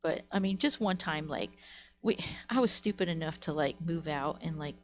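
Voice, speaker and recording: Chatty low-voiced woman telling stories on stream. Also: normal speed, muffled recording. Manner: rambling, filler-heavy with frequent "like". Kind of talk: casual storytelling to live chat.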